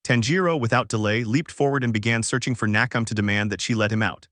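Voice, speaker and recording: Man, fanfic narrator, scripted narration, flat even read, mid pitch, dry. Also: quick pace, no echo.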